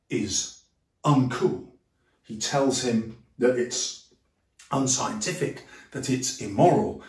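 A male teacher, giving a lively, jokey lesson and acting out quotes in funny voices. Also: medium pitch, far from the mic. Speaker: English teacher. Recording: echoey room, voice a little off-mic.

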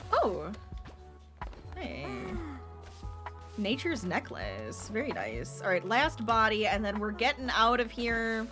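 A young woman streaming a video game, bubbly and excitable, gasping and cheering at the action. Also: mid-range voice. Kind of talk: let's-play commentary.

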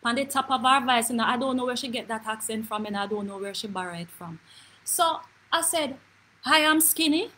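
A woman with a Jamaican accent playing a brash, gossipy auntie, telling stories in a lively comic monologue with quick asides. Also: fairly high pitch, slight background noise, rough recording. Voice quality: animated patois storytelling, quick asides. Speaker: comedy character host. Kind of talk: live comedic monologue.

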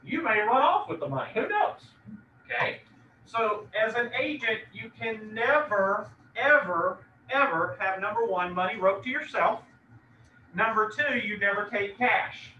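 A male real estate instructor giving an animated classroom lecture and quizzing his students by name. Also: high voice, normal speed, a little hiss or hum. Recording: echoey classroom from far off, dull.

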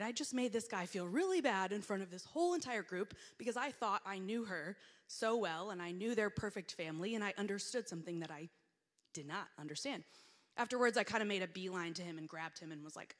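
A woman's voice: medium pitch, expressive, brisk, fairly bright tone. Woman preaching in a reverberant church. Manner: self-deprecating storytelling, acts out her own reactions. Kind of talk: conversational sermon. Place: church sanctuary. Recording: long hall reverb.

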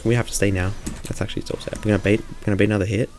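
A man's voice: lowish voice, flat delivery, rapid-fire, darkish tone, slight background noise. A man giving casual live commentary on his own gameplay, thinking aloud as he plays.

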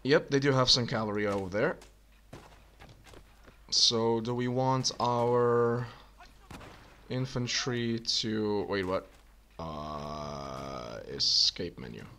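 A man's voice: lowish voice, slow, pauses often, fairly bright tone, slight background noise. A man giving casual gameplay commentary, thinking aloud with many fillers as he plays. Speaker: let's play gamer.

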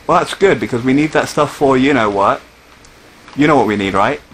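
A man's voice: medium pitch, brisk, a bit bright, a little hiss or hum, poor audio. A man chatting casually while playing a video game, rambling with restarts and whiny complaints. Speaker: gamer. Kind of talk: casual gaming chat.

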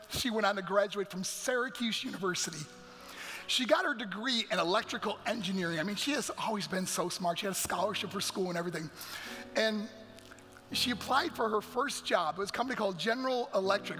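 High, bright-voiced man telling a story. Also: lively intonation, a little fast, a little hiss or hum. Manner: earnest, emotional storytelling. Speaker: guest speaker. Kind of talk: heartfelt motivational talk. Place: church sanctuary. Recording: long hall reverb with faint music.

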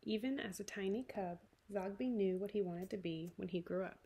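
A woman's voice: medium pitch, normal speed. A woman teacher reading a picture book aloud to young children. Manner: clear, warm read-aloud narration for young children.

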